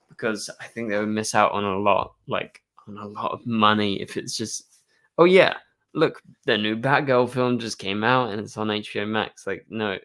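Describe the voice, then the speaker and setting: A man's voice: lowish voice, a bit bright. A young man hosting a live stream, chatting casually and answering viewer questions, rambling with lots of fillers. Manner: rambling, full of "like" and "um".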